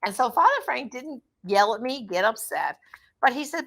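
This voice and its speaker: A woman's voice: a little high, sing-song, moderate pace, vocal fry, a bit bright. A middle-aged woman giving a casual personal testimony, telling her story and acting out the voices of the people in it. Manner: storytelling, acts out quoted voices.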